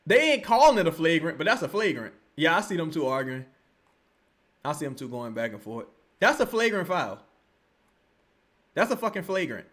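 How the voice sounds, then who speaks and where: A man commentates a basketball game live, swearing freely. His fairly high voice swings widely in pitch. He erupts into shouts, then sinks into low grumbling. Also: very animated, normal speed, pauses often. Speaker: sports streamer reacting to a live game.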